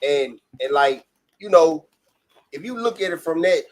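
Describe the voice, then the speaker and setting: A man's voice: a little high, expressive, a little slow. A man, co-hosting a podcast in loose, profane, emphatic casual chat that circles back on itself. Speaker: podcast co-host.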